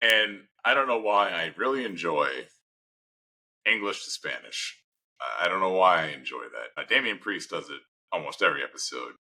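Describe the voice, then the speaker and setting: A man's voice: sits low, animated, moderate pace, gravelly, pushed and bright, poor audio. A man co-hosting a casual podcast, talking through his opinions in long rambling turns with restarts. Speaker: podcast co-host. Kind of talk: casual chat.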